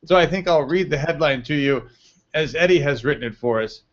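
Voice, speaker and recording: A man with a somewhat high, slightly bright voice hosts a casual live stream, talking a little fast. He chats, laughs a lot, and reads the chat aloud, all through dull lo-fi stream audio.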